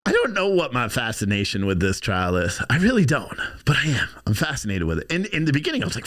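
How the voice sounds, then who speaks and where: A man's voice: mid-range voice, fast, few pauses. A man hosting a live-streamed podcast, rambling and swearing through casual commentary. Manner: rambling, swearing, animated with laughs. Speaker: podcast host.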